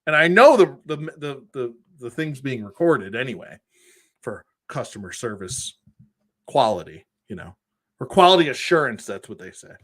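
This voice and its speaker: A man's voice: medium pitch, very animated, normal speed, fairly bright tone. A man hosting a collectors' show, telling a frustrating customer service story in a casual, exasperated way with acted quotes. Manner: exasperated, retells phone calls in acted quotes.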